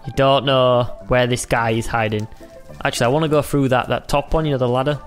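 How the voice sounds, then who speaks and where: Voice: medium pitch, fairly even intonation, soft background music. A gaming channel host, giving playful, jokey commentary while playing with a friend. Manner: playful, jokey, quick exclamations. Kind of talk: excited casual game commentary.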